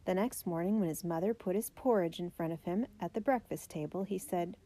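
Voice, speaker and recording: A woman narrating a children's biography storybook, reading the characters' lines with raised pitch and emphasis. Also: fairly quick, warm tone. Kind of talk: storybook read-aloud.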